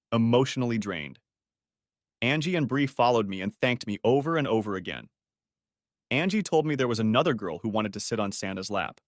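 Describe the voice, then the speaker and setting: A man's voice: mid-range voice, no echo, studio quality. A man narrating a first-person story audiobook in a wry, conversational way.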